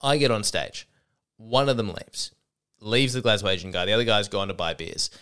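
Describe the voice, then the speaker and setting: Lively man telling a stage story. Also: fairly low pitch, normal speed, smooth. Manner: animated, profane, acts out quoted voices. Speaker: comedian podcast host. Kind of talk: casual storytelling monologue.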